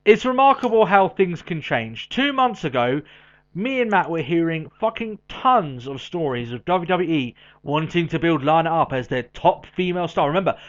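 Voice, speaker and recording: Lively podcast man, dull lo-fi sound. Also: fairly high pitch. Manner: animated, quick asides, laughs often. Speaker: podcast co-host. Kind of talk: casual chat. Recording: dull lo-fi audio.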